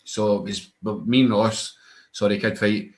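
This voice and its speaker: Low-voiced Scottish man telling stories. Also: fairly even intonation, normal speed. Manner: rambling anecdotes with frequent restarts and laughter. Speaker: wrestler guest. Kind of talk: casual interview chat.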